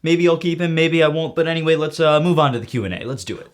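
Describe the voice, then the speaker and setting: A man's voice: a little high, quick pace. A man answering viewer questions in a casual vlog, rambling with goofy jokey asides.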